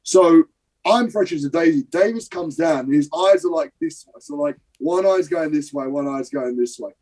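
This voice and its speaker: A young adult man from Britain, the guest on an interview show, tells an animated story. He swears casually and acts out scenes. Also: fairly high pitch, normal speed, low-quality recording. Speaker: guest, professional wrestler. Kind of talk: animated anecdote telling.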